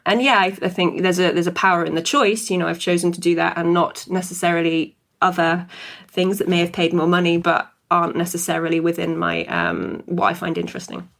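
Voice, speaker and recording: A woman's voice: lowish voice, brisk, gravelly, fairly bright tone. A woman in her thirties, an actress, answering interview questions thoughtfully with frequent hesitations. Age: 30s.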